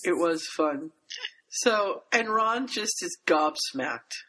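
A woman's voice: lowish voice, animated, slow, a bit bright, rough recording. Woman host retelling a story casually, chatty, keeps things moving. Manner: chatty, steers the discussion. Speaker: podcast host.

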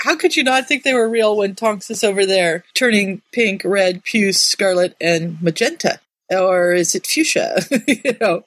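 A woman's voice: mid-range voice, no echo. A woman chatting casually, retelling a story with amusement. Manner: amused, retells plot with relish. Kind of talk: casual chat.

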